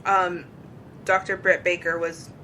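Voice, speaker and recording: A woman's voice: lowish voice, level tone, unhurried, bright, forceful tone, a little hiss or hum, poor audio. A woman co-hosting a casual podcast chat, teasing her partner and giving blunt opinions. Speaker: podcast co-host.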